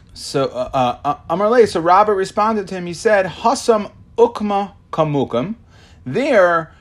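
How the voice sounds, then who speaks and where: A man teaching a Talmud class, reading Aramaic lines and translating them, explaining with many fillers and restarts. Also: a little high. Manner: reads Aramaic then translates.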